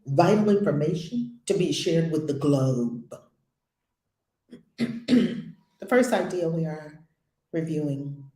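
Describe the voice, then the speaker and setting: A woman's voice: on the low side, dark tone. Emphatic woman teacher, echoey room. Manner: emphatic, repeats phrases slowly word by word. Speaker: spiritual teacher. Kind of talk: spiritual lesson with affirmations.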